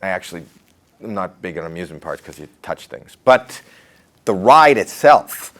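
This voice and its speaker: Middle-aged canadian guy, lowish voice, rambly self-mocking interview chat. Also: sing-song, moderate pace, fairly bright tone. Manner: rambling and self-deprecating, with frequent restarts. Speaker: interviewee, comedian. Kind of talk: candid interview recollection.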